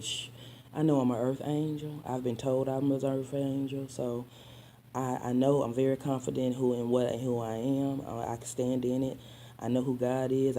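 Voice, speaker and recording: Addressing her audience directly as honey and child, a sassy woman vlogger tells a casual storytime mixed with spiritual preaching, with occasional soft asides. Her very deep voice is dark and mellow, and there is slight background noise.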